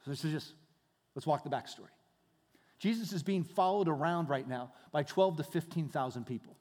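High-voiced pastor preaching in a hall. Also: male voice, brisk, darkish tone. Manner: conversational, rhetorical questions, repeats phrases. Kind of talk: sermon. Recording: reverberant hall.

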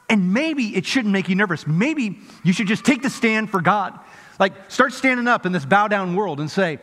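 A middle-aged male pastor preaching a sermon, swinging from lively emphasis to hushed intensity. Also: high-pitched, a little fast. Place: large church hall. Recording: reverberant church hall.

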